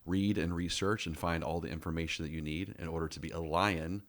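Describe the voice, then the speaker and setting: Middle-aged male podcast host, very low voice, relaxed and halting delivery. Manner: halting, lots of restarts and fillers. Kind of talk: casual chat.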